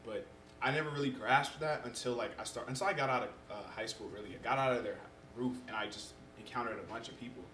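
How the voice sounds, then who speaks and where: A young man in casual conversation as a podcast guest, telling stories in an animated way and acting out what people said. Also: medium pitch, quick pace, a little hiss or hum. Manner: animated storyteller who acts out quotes. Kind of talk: casual chat. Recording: roomy echo.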